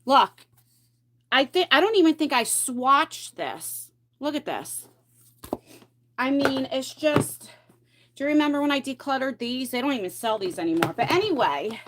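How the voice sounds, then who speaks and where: Her voice high-pitched and a bit bright, with a little hiss or hum in the audio, a woman runs a laid-back beauty livestream from home in pajamas. She rambles and laughs often while sorting through makeup, slightly breathless from carrying heavy boxes.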